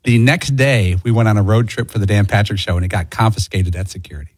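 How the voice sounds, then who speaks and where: Low husky-voiced man in studio banter. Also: quick pace, no echo. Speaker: show regular.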